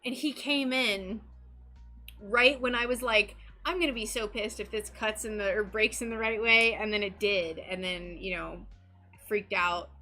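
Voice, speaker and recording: A young stained glass streamer talks to her chat while working, casual, bubbly, and gushing. Her mid-range voice sounds pushed and bright, with fairly even intonation at a moderate pace, and faint music plays behind her.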